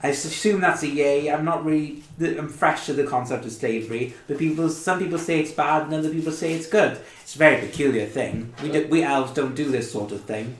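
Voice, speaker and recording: A man's voice: a little fast, hardly any pauses, natural voice. A man voicing a chatty, cheerful male elf who rambles through a letter, in an echoey room. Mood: chirpy. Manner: rambling, upbeat, rising pitch.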